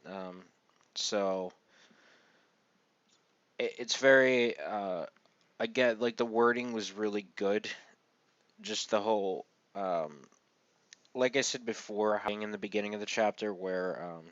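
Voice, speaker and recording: A man with a fairly low voice talks through a manga chapter in a loose, unscripted way, full of ums and likes, now and then dropping a dry sarcastic aside. The recording is dry and a little muffled. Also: slow pace, long pauses, a bit bright, no room sound. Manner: rambling, filler-heavy, sarcastic asides. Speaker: manga reviewer. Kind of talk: casual unscripted review.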